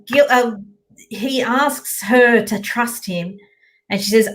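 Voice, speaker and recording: A woman co-hosting a book club chat in a relaxed, rambling way, often agreeing. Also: a little high, slow pace. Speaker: book club podcast co-host. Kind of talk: casual chat.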